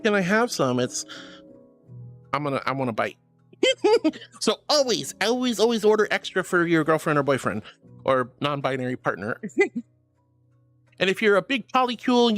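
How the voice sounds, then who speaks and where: A man's voice: sits high, fairly bright tone. A man streaming and reading out chat messages in a playful, giggly, affectionate way. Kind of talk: casual chat. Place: home streaming setup.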